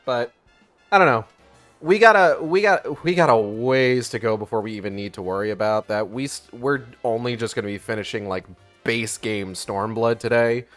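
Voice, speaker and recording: A man's voice: mid-range voice, normal speed, fairly bright tone, soft background music. A man streaming a video game, talking casually in a rambling way with lots of fillers and some swearing. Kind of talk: casual let's-play commentary.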